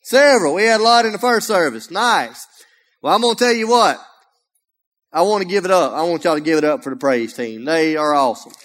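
A man with an Alabama Southern accent preaches a folksy, joking sermon, full of energy and often raising his voice. His voice sits fairly high. It rings with the long reverb of a church sanctuary. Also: animated, a little fast, a bit bright. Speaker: guest preacher.

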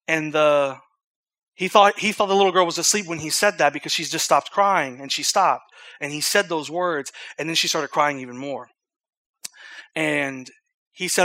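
Bright-voiced man preaching a sermon. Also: a little high, normal speed. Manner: earnest, conversational storytelling with loud emphatic scripture reading.

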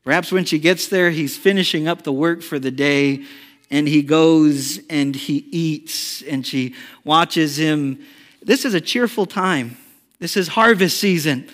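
A male pastor preaching a sermon, talking to his congregation in a conversational, animated way and asking them rhetorical questions. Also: a little high, measured pace, in a large hall.

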